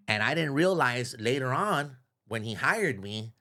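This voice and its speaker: A middle-aged man with a gravelly, fry-laden voice speaks at an ordinary pitch. As a guest in a casual interview, he tells stories with emphatic repetition and frequent profanity. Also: expressive, a little slow, hardly any pauses, sharp tone. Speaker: radio personality as guest.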